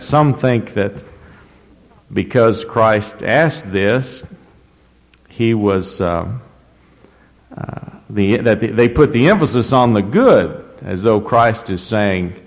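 A man preaching a sermon, reading scripture slowly and deliberately, with rising emphasis and frequent throat clearing. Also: on the low side. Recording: dull lo-fi recording in a reverberant hall.

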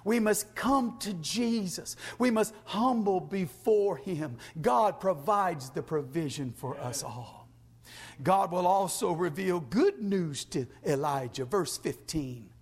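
High-voiced, slow preaching man. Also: animated, slightly rough. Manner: swings from hushed whispers to shouted praise; reads scripture in King James style. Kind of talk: sermon.

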